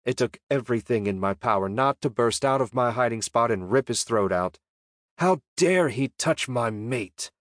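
Low-voiced man narrating an audiobook. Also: dry recording, clean studio sound. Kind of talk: scripted first-person narration.

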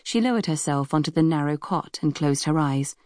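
A woman reading a novel aloud in measured scripted narration. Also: lively intonation, darkish tone, no echo, clean studio sound. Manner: measured storytelling, voices dialogue with raised pitch. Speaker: audiobook narrator.

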